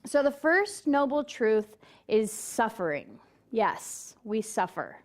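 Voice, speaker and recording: A woman's voice: on the high side, sing-song, takes it slowly. A woman minister preaching a sermon, telling a story and putting on quoted voices, and asking the congregation questions directly.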